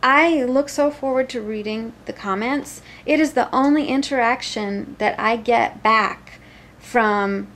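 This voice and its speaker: A woman's voice: on the high side, a little slow, a bit bright. A tired middle-aged woman vlogging in a rambling, giggly, chatty way to her viewers. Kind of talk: casual chat to camera.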